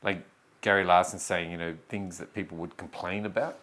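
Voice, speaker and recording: Man, lowish voice, animated storyteller acting out quotes, casual chat. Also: a little fast. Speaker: guest comedian.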